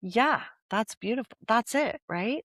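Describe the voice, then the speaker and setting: A woman's voice: a little high, animated, unhurried, fairly bright tone, no echo, clean studio sound. An older woman talking as a guest in a casual conversation, telling stories animatedly with restarts and laughter.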